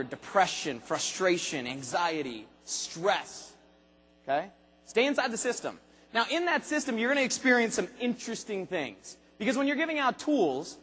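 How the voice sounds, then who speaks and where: High-voiced, husky male motivational speaker. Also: big-room sound. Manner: animated, acts out quoted voices, rhetorical questions to the crowd. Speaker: motivational speaker at a sales convention. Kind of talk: energetic motivational speech to a large audience. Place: large arena convention hall.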